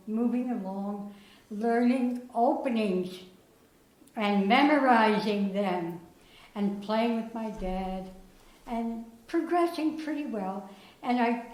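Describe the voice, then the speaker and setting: A woman's voice: fairly high pitch, a little mellow. An older woman from Germany giving a storytelling speech at a prize reception, her words slightly slurred from dental work. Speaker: guest speaker presenting prizes. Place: chess club reception room. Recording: echoey room, faint ambience.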